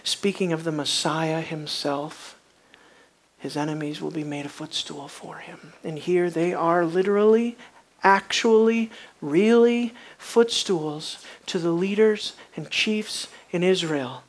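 A preacher in the middle of a sermon, sinking to soft, low-pitched stretches and then climbing to loud, emphatic peaks. The pitch sits in the middle range, and the talk keeps circling back to rhetorical questions for the congregation. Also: slow.

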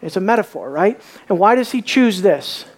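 A man preaching a sermon, emphatic, repeating words and swinging from quiet asides to loud calls. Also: high voice, animated, normal speed.

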